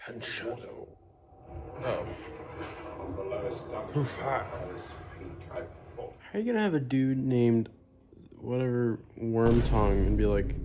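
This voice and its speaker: A worn-out young man talks slowly in a casual vlog, drifting into jokey, rambling asides. His voice sits at an ordinary pitch. Loud music plays behind him. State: sleepy, worn out. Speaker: vlogger. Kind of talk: casual to-camera commentary.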